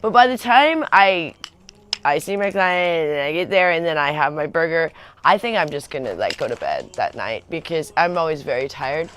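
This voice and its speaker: A woman's voice: low voice, expressive, moderate pace, fairly bright tone, slight background noise. A woman in her forties chatting casually on a livestream, rambling with many fillers and restarts. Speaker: vlogger on a livestream.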